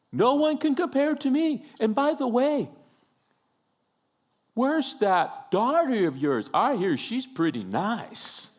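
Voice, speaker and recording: A man's voice: very high-pitched, voice pushed up, full character voice. A man voicing a boastful young warrior who brags and demands his reward in a cocky, raised voice.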